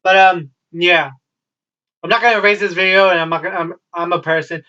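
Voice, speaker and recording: A man's voice: sits high, fairly even intonation, fairly quick, bright, forceful tone. A young man telling casual stories at home, rambling along with wry asides and plenty of swearing. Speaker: vlogger. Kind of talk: casual storytelling. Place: at home, child nearby. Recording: dull lo-fi, from a distance.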